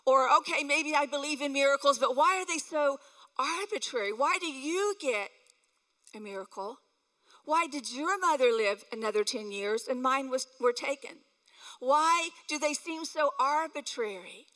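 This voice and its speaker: Bright high-voiced woman preaching a sermon. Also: moderate pace, big-room sound, low-quality recording. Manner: animated preaching, acting out voices in quotes. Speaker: pastor.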